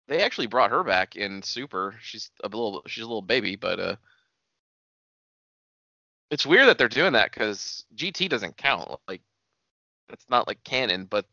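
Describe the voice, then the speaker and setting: A man's voice: fairly low pitch, big pitch swings, unhurried, long pauses, pushed and bright, dry recording, muffled recording. A man chatting casually as a co-host, laughing often and swearing freely as he retells scenes. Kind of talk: casual chat.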